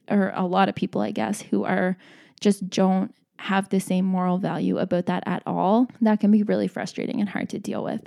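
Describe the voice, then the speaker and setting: Woman, twenties, casual vlog chat, gravelly voice, mellow tone, rambling with fillers. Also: mid-range voice. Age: 20s. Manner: chatty, frequent "like" fillers and restarts.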